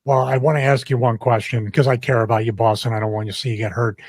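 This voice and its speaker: A man's voice: medium pitch, flat delivery, quick pace, breathy edge, dry recording, clean studio sound. A man playing an earnest young male writer who questions his boss with stammered restarts. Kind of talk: comedic improv role-play.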